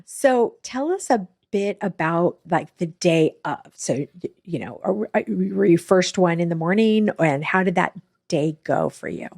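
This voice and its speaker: A woman conducts a casual interview in a somewhat low voice. She is friendly, laughs along and asks gentle follow-up questions. The recording is close and dry. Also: expressive, a little slow, gravelly, no echo.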